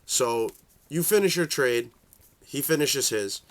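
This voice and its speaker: Young dude ranting about trading cards, swears a ton, lots of likes and uhs, mid pitch. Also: male voice, animated, takes it slowly. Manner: profane, rambling, full of fillers; shifts into high voices for quoted reactions. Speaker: card game vlogger. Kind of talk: casual rant.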